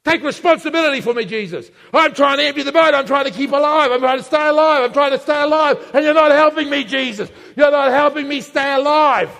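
A man's voice: extremely high pitch, fairly even intonation, fast, few pauses, a bit bright. Man playing a desperate pleading believer. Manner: pleading, breathless repetition. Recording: echoey hall with long reverb.

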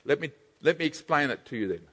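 Animated preacher man in a reverberant hall. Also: fairly high pitch, quick pace. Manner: animated, calls on the congregation. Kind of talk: sermon.

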